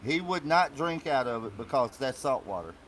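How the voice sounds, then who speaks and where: Man with a lively voice, noisy room. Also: mid-range voice, moderate pace. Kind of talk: casual chat.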